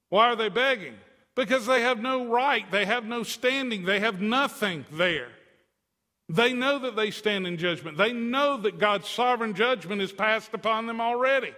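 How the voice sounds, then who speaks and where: A man preaching a sermon as a pastor, animated, swinging his pitch and loudness up and down, with asides to the congregation. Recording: long hall reverb.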